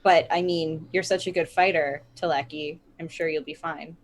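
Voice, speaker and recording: A woman's voice: sits low, fairly even intonation, normal speed, a crowd in the background. A woman taking part as a player in a tabletop game, talking in a chatty, playful way. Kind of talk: casual chat.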